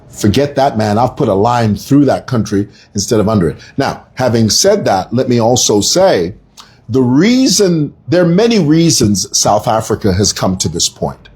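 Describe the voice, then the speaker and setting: A man's voice: medium pitch, sing-song, moderate pace, a little mellow, breathy edge. A middle-aged Zambian man with a Zambian accent, giving an emphatic, storytelling opinion monologue as an online commentator.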